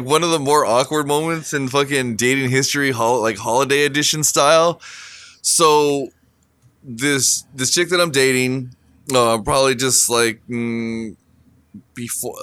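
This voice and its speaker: Casting: foul-mouthed man spinning a crude tale to buddies; smooth voice, dry close sound. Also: mid-range voice, normal speed, fairly bright tone, no echo. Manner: profane, laughing anecdote-telling. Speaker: storyteller among friends. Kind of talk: casual chat.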